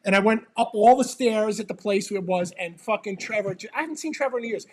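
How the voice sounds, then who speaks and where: A man co-hosting a casual livestream chat, loud and laughing, swearing often. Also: high-pitched, quick pace, heavy background noise. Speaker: podcast co-host.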